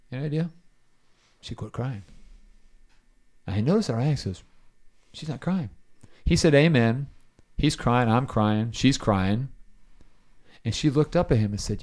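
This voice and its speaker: A man's voice: mid-range voice, a little mellow. A middle-aged man leading a casual Bible study, telling a story and asking his listeners questions.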